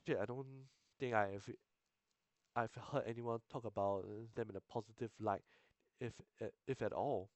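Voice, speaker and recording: A man's voice: on the low side, no echo. A young man reading a visual novel aloud on stream, swearing, stumbling and restarting lines. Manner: sweary, halting, self-interrupting. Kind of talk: casual game reading with asides.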